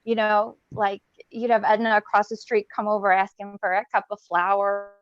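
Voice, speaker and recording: A woman's voice: medium pitch, level tone, moderate pace, dry recording. Rambling woman comic on a muffled call. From Chicago. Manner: rambling, self-deprecating delivery with many fillers. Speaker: stand-up comic. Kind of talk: stand-up set over video call. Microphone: video call. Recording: muffled video call audio.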